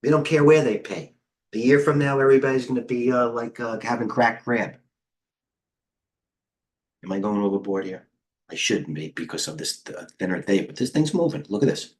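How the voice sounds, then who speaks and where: A middle-aged man hosting a live trading stream, talking in a rambling, excitable way and chatting with viewers. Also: mid-range voice, normal speed. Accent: New York. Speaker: trading coach hosting a livestream. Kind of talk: casual live market commentary.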